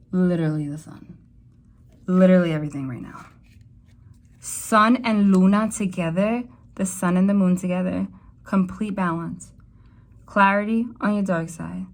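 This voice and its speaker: A young adult woman giving a casual tarot reading to camera, rambling and emotional, with sudden excited jumps in her voice. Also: on the low side. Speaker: tarot reader.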